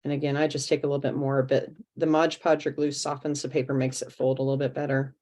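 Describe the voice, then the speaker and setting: A woman's voice: a bass voice, level tone, quick pace, darkish tone. A woman walking an online workshop through a craft project step by step, chatting as she works over a video call. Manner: chatty, step-by-step explaining while working. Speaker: art teacher leading a craft workshop.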